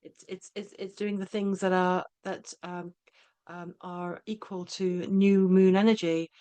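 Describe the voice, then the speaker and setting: Female podcast host, easygoing and halting, full of tag questions and false starts. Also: on the low side, fairly even intonation, warm tone, clear, resonant tone. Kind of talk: casual conversational interview.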